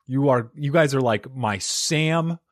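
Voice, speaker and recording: A male podcast host talks in a loose, joking way, happy to poke fun at himself. His voice sits at a middling pitch and sounds close and dry on a studio mic. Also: takes it slowly, no room sound. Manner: joking, self-deprecating, hyped. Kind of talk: casual podcast intro and chat. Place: home studio in Arizona. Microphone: studio microphone.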